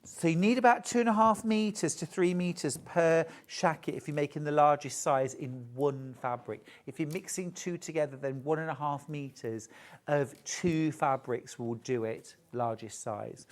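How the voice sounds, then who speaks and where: A man's voice: on the high side, a little slow. A man presenting a live shopping show, chatting and joking as he gushes over fabrics. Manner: chatty, gushing, jokey. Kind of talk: live sales chat.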